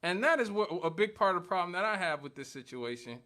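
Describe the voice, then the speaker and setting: Emphatic high-voiced male radio host. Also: lively intonation, fast talker, pushed and bright. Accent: Northwest Indiana. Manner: emphatic, argumentative, repeats points for stress. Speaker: radio talk show host. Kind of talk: opinionated radio monologue.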